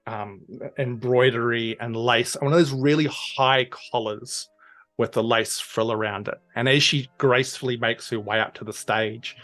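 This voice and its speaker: A man running a tabletop game, describing the scene in a loose, rambling way full of ums and uhs. His voice sits at a middle pitch, with faint music under it. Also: fairly even intonation, moderate pace, fairly bright tone. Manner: loose, descriptive storytelling with many fillers. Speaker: game master.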